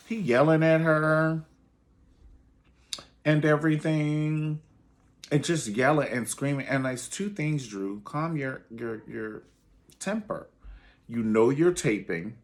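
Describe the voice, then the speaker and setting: A man's voice: a little high, slow pace, long pauses. A man giving casual, dramatic commentary on a reality show, sassy and calling the listener honey. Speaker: reality TV reviewer.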